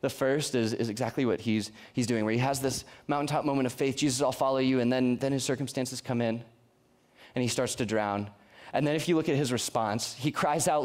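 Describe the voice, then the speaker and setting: A man's voice: medium pitch, brisk, darkish tone. A young man preaching a youth sermon in an earnest, conversational way, often restarting his sentences. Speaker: youth pastor.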